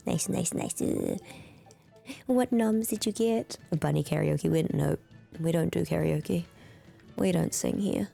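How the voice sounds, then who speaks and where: A young woman chatting quietly and giggly with viewers on a home stream, close to the mic, with a throaty, slightly hoarse tone. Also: lowish voice, measured pace, long pauses, soft background music. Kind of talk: casual chat with viewers.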